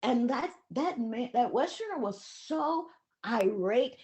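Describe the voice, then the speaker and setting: Older woman, 70s, reflective storyteller; unhurried, lively intonation, emotional pauses. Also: fairly high pitch. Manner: emotional, pausing, acts out voices in her stories. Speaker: speaker sharing memories of her teacher.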